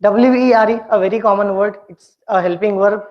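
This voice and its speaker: A woman teaching a pronunciation lesson, speaking slowly and deliberately and repeating words for her students to copy. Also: mid-range voice, steady tone. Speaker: English communication skills teacher. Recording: dull lo-fi lecture recording.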